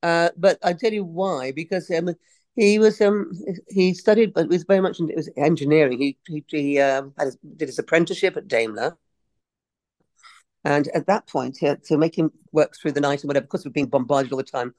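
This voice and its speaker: A woman's voice: low-pitched, brisk, a little mellow, dry recording. Female, 60s, English actress guest; chatty, tangent-prone, giggly, dry sound. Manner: chatty, digressive, laughs often. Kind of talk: casual interview chat.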